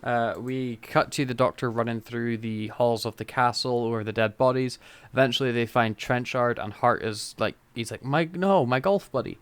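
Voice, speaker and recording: A man's voice: mid-range voice, level tone, moderate pace, a bit bright, clean tone, no room sound. A man co-hosting a podcast in casual chat, recapping scenes with wry asides. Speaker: podcast co-host.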